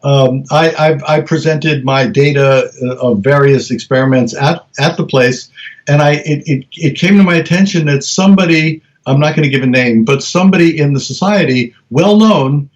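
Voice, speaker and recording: A middle-aged guest researcher, slightly high in pitch, tells stories animatedly during a conversational interview. He talks at normal speed but speeds up as he goes, restarts his sentences often and acts out quoted voices. The audio is slightly dull and lo-fi.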